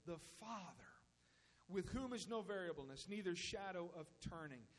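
A man's voice: high-pitched, animated, moderate pace, long reverb tail. A male pastor preaching a sermon, rising into emphatic bursts and acting out little dialogues.

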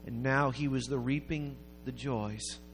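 A man preaching a sermon, telling a story in a rambling way that builds to loud, emphatic peaks. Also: mid-range voice, fairly even intonation, unhurried, slight background noise. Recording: long hall reverb with faint music.

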